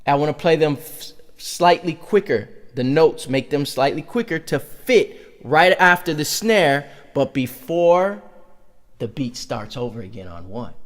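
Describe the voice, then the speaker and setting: A man's voice: on the high side, animated, unhurried. A man teaching a conga lesson, counting beats aloud and vocalizing drum sounds as he demonstrates. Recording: reverberant room with loud congas.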